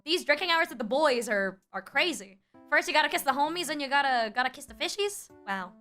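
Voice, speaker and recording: A woman's voice: high-pitched, expressive, a little fast, pushed and bright, faint music behind. A woman streamer reacting to a video with exclamations, swearing and incredulous questions. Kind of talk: casual livestream reaction.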